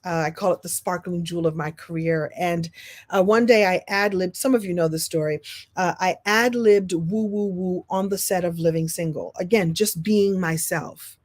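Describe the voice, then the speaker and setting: A woman in her sixties from Brooklyn speaks as a storytelling coach. Her motivational talk is lively and goofy. She laughs often and drops into quick impressions. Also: lowish voice. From Brooklyn, New York. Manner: playful, animated, laughs often, slips into impressions.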